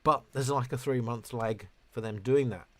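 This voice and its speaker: A man's voice: medium pitch, moderate pace, no room sound. A man in his fifties hosting a casual livestream, rambling and chatty as he answers viewer questions, often breaking off and restarting. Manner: rambling, chatty, self-interrupting. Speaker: livestream host.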